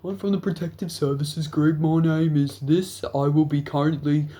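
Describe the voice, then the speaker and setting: A man voicing a stern, loud male security officer. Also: fairly high pitch, fairly even intonation, normal speed, close to an everyday voice.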